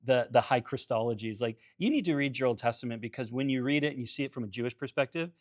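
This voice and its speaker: Man, mid-pitched, dry close sound, quick conversational, rhetorical questions. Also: dry recording. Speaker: apologetics ministry co-host. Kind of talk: casual theological discussion.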